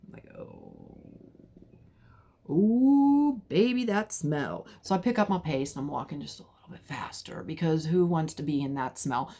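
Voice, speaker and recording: A middle-aged woman with a fairly low voice tells a personal story. Her telling is casual and animated, and she sometimes drops to a hushed whisper to build suspense. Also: creaky.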